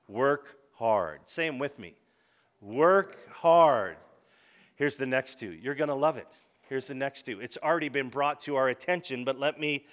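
Animated man preaching to a congregation. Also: on the high side. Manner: animated, call-and-response with the congregation. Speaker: pastor. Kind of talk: sermon.

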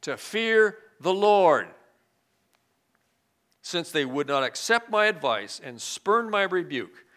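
A man preaching a sermon and reading scripture aloud. He swings between loud, emphatic lines and hushed, quiet asides. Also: mid-range voice.

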